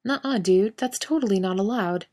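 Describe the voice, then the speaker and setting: A woman voicing a brash, crude young man who talks loudly and rudely in a storybook reading. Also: medium pitch, normal speed, voice pushed up, close to an everyday voice. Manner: loud, crude, blustering.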